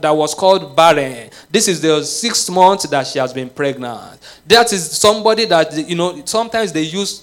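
A man preaching a sermon, leading the congregation in prayer and building to impassioned, repeated calls. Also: on the high side. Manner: rising to impassioned shouted prayer, repetitive cadence. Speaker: pastor.

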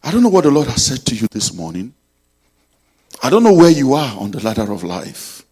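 Husky-voiced man preaching with fervor. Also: mid-range voice, sing-song, a little fast. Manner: emphatic, swings between loud and soft. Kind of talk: sermon with story and prayer.

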